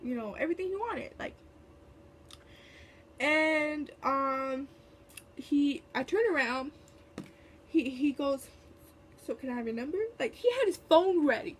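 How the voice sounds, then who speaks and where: Young woman vlogging a story, high voice, sassy and chatty, faint hum behind. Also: lively intonation, measured pace, long pauses. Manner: chatty, lots of fillers, sassy. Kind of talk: casual storytime chat.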